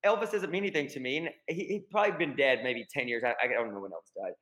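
A guest actor from the American South with a Southern accent, telling rambling, self-deprecating stories in a casual podcast chat. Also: male voice, medium pitch, racing, fairly bright tone, rough recording.

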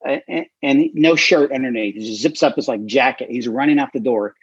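Man, guest author, animated storytelling, husky voice, dry lo-fi sound. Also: mid-range voice, fairly quick, no room sound. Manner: animated storyteller, frequent fillers. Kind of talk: storytelling in an interview. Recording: dry, slightly dull recording.

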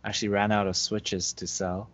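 Low-voiced man in casual chat. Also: flat delivery, normal speed, fairly bright tone. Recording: dull lo-fi recording.

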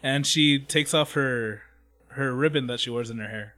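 A man's voice: mid-range voice, moderate pace, sharp tone, soft background music. Rambling, profane man recapping a story. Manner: profane, rambling, acts out scenes in quoted voices. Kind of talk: casual chat recapping an anime.

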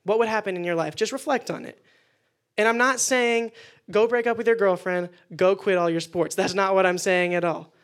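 High-voiced man giving a lively youth sermon. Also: moderate pace. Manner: energetic and conversational, joking. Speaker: youth pastor. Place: indoor meeting room with listeners.

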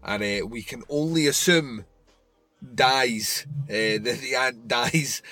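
A man's voice: medium pitch, takes it slowly, bright, forceful tone, dry recording. A man co-hosting a podcast, chatting loosely about a horror film with lots of fillers and swearing. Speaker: podcast co-host. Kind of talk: casual movie review chat.

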